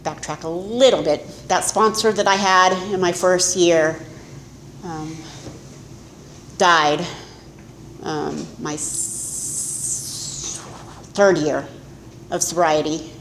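A woman's voice: on the low side, steady tone, takes it slowly, pauses often, slight background noise. A middle-aged woman giving a candid, self-mocking personal testimony as a speaker at a recovery meeting. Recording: echoey room with faint ambience.

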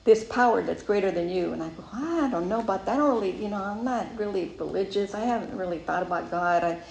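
A woman giving a personal recovery testimony, telling her story in a lively way and acting out her past thoughts. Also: medium pitch, fast talker, slight background noise. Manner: animated storyteller who acts out her own past thoughts. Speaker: speaker sharing a recovery story. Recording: roomy sound with faint ambience.

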